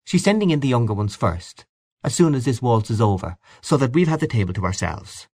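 A bright, coaxing young wife, lifted well above a low reading voice and swooping about as she teases and pleads, put on by a man reading a story. The sound is close and dry. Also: big pitch swings, a little fast, no echo. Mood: teasing. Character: lively young Irish wife, teasing and eager.

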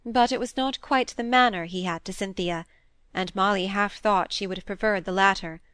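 A woman narrates a classic novel in a measured, even storytelling manner. Her voice is mid-pitched and the sound is close and dry, with no room echo. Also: clean tone. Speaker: audiobook narrator.

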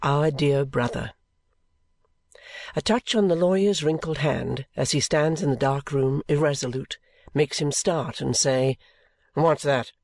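A man reading a novel aloud as an audiobook narrator, with a measured, even delivery. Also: medium pitch, dry recording. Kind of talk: scripted narration.

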